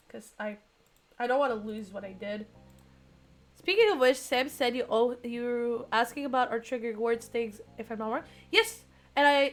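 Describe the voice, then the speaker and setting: A young woman in her twenties streaming herself reading a dating game aloud, giggly and excitable, her voice strained and cracking. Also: fairly high pitch. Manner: giggly, excitable, chats with viewers.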